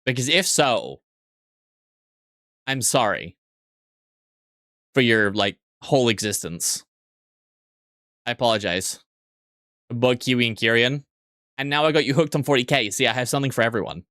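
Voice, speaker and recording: A young man chatting casually on a live stream, answering chat with quick asides, restarts and frequent swearing. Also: mid-range voice, a bit bright, dry recording, clean studio sound.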